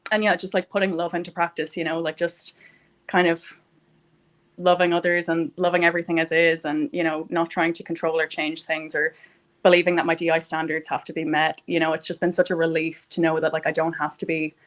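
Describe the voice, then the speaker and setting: Young woman with a low voice, heartfelt casual chat, lots of likes and ums. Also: little pitch movement, brisk. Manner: rambling, heartfelt, many fillers. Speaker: guest. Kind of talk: casual personal conversation.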